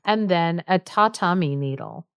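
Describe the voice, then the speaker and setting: Woman co-host, casual storyteller, chatty and amused; smooth, clear voice, dry sound. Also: fairly low pitch, measured pace, dry recording. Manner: chatty, amused, lots of fillers.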